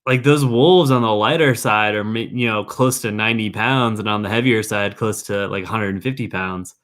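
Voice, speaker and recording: A man's voice: lowish voice, moderate pace, fairly bright tone. A young man working in a national park, chatting casually and rambling with lots of fillers. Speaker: park worker telling stories. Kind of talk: casual podcast chat.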